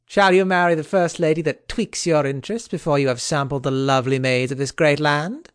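A man's voice: fairly high pitch, steady tone, a little fast, smooth, dry recording, clean studio sound, natural voice. A man narrating an audiobook, voicing a brash, teasing male knight with a mocking, bantering manner.

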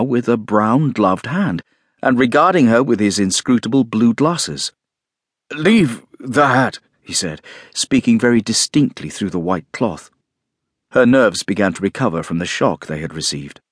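Male audiobook narrator, expressive and lively in pitch, low husky tone. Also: no echo, clean studio sound. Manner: expressive, measured storytelling. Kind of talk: scripted narration of a classic novel.

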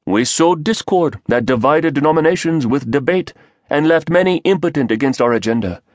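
A lilting, self-satisfied conspirator with an Indian accent, voiced by a man high above his usual register. His pitch rises and falls in a sing-song sway. He sounds close-miked and dry. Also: lively intonation, normal speed, no room sound, close to an everyday voice. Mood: smug.

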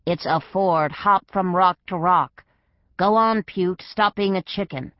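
A woman's voice: fairly low pitch, no room sound, highs cut off, lightly acted. A woman doing a bossy tiger cat. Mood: impatient. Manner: brisk, commanding.

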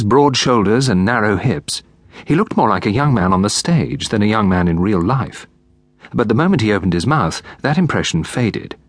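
A man with a lowish voice narrates an audiobook in a measured, expressive, scripted reading, with no room sound in the recording.

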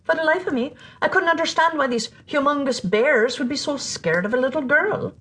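A woman narrating a children's storybook in an animated, playful way, sometimes dropping to a whisper for suspense. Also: high voice, brisk. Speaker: storyteller host.

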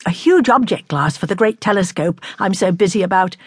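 A woman's voice: medium pitch, lively intonation, brisk, breathy edge, no echo, clean studio sound. Woman voicing an eager young astronomer man. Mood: exultant. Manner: eager, fervent. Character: earnest young male astronomer. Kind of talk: audiobook character reading.

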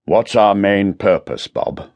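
A man's voice: fairly low pitch, expressive, slow, darkish tone. A man voicing a blunt, sardonic middle-aged police chief inspector, in an audiobook. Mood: grim.

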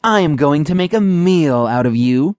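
A woman voicing a ruthless male cat who threatens slowly and coldly in a storybook. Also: low voice, lively intonation, darkish tone, dry recording, voice pushed up. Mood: menacing. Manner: slow, threatening.

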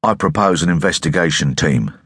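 A man's voice: deep voice, expressive, brisk, a bit bright, breathy edge, no room sound, studio quality, heavily acted. A man voicing a stern young male revolutionary leader who speaks in a curt, accusing way.

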